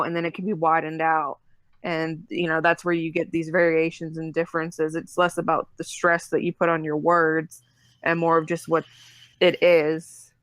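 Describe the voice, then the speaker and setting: Flat, smooth-voiced woman explaining calmly. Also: low voice, no room sound. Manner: measured, explanatory. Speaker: guest. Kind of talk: casual chat.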